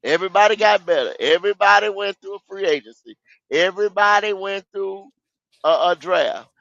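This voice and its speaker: A man hosting a sports podcast in casual chat, animated and emphatic, repeating himself for effect. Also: sits high, a little fast, vocal fry, no room sound, highs cut off. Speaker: podcast host.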